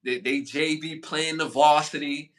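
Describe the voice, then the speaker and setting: Podcast co-host, male, bright edge, animated and slangy, pitch leaps when excited. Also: measured pace. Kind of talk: casual chat.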